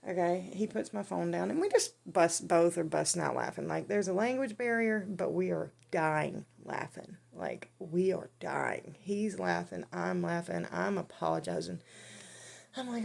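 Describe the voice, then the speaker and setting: A woman telling a funny personal story in a casual, animated way, often laughing. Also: fairly low pitch, slow pace, gravelly. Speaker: vlogger.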